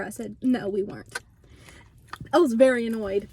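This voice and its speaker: High-voiced indignant woman in her twenties. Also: fairly quick, a little mellow, slight background noise. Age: 20s. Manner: indignant, retelling with quoted dialogue. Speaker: vlog host. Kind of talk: casual storytelling.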